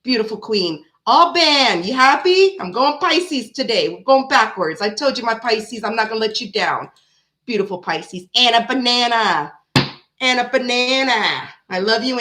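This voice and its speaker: A woman's voice: a little high, pushed and bright. A woman hosting a tarot live stream, chatting casually and greeting viewers one by one by name.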